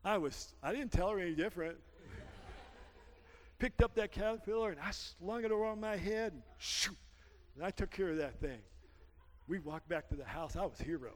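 A man preaching a sermon as pastor, telling a story and rising to shouted peaks. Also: sits high, expressive, moderate pace, long pauses, slight background noise. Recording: church hall reverb.

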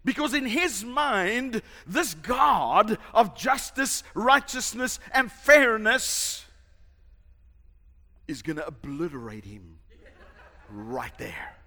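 A male pastor preaching a sermon, emphatic and dramatic, shouting at the peaks. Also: high voice, very animated, slow pace. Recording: long hall reverb.

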